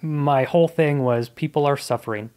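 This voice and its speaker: A man's voice: on the high side, moderate pace, a little mellow. A man in his thirties, a comedian guest on a podcast, telling his life story in a casual, earnest and reflective way.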